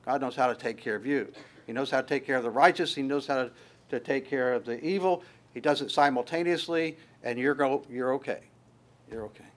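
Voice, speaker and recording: A man's voice: medium pitch, a little fast. A man preaching a sermon as pastor, conversational and emphatic, often restarting his phrases.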